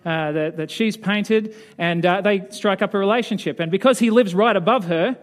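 A man preaching, telling a story in a relaxed, hesitant way with many fillers. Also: high voice, normal speed. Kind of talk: sermon storytelling.

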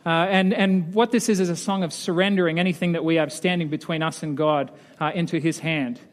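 A man preaching, telling a story in a relaxed, hesitant way with many fillers. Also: fairly high pitch, fairly quick. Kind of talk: sermon storytelling.

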